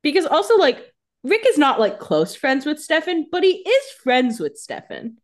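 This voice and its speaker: A woman co-hosting a podcast, casually adding quick joking asides and paraphrasing what the characters mean. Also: sits high, big pitch swings. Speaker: podcast co-host. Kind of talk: casual recap chat.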